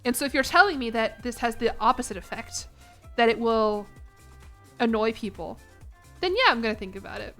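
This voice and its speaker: A woman's voice: on the high side, expressive, a little fast, long pauses, bright, forceful tone, faint music behind. A young American woman streaming a game and chatting casually with her audience, in a rambling, self-conscious way. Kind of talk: casual chat with a live chat.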